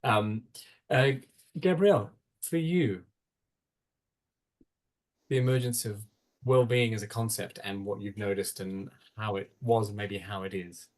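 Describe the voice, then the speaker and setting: A man moderating a webinar panel over a video call, speaking in a searching way. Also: on the low side. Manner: slow and searching.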